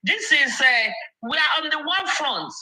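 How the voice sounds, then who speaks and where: A Nigerian woman chatting casually in a live audio talk, animated and teasing, laughing often, mixing Yoruba and English. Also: sits high, a little slow, low-quality recording. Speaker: social media personality.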